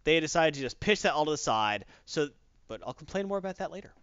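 Animated man recapping a comic. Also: fairly high pitch, fast, smooth, no echo. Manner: animated storyteller, many fillers. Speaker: podcast host. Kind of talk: casual comic book recap. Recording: dull, dry lo-fi recording.

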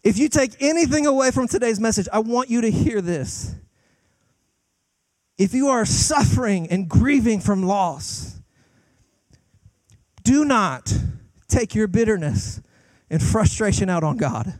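Young guy preaching, kinda high voice, goes fast then really slow and stretched out, dead dry mic. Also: animated, a little mellow, no room sound. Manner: emphatic, swings from fast bursts to slow drawn-out lines; repeats words when starting sentences. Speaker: guest pastor. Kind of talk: sermon.

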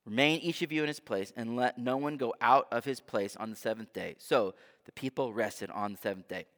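A man preaching a sermon as pastor, conversational and animated, often asking his listeners rhetorical questions. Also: medium pitch, brisk. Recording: long hall reverb.

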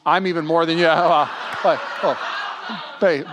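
A man in his thirties preaching a sermon as pastor, animated and acting out quoted voices. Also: a little high, unhurried, dull audio, background noise.

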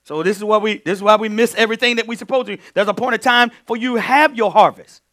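A fast-talking male pastor with a high-sitting voice teaches a sermon with real animation. He drops into quiet asides, then climbs to loud, emphatic bursts.

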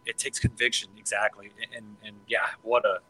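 Excitable, sharp-voiced man chatting on a podcast. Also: fairly low pitch, a little fast, breathy edge, low-quality recording. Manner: excitable, swears freely, stumbles and restarts often. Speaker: podcast co-host. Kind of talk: casual podcast chat.

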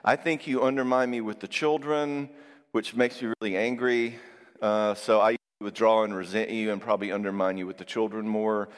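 A middle-aged man giving a sermon on marriage, acting out quotes with lively storytelling and checking in with his listeners. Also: lowish voice, normal speed, clean tone. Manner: animated storytelling with acted-out quotes; engages audience with frequent "all right?" asides. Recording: long hall reverb.

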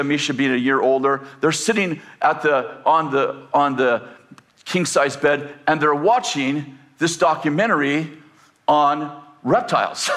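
A man's voice: medium pitch, fairly bright tone. An older man giving a sermon, rambling through a family story with many fillers and restarts, then building into emphatic declarations. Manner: rising, emphatic preaching in declarations. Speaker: preacher.

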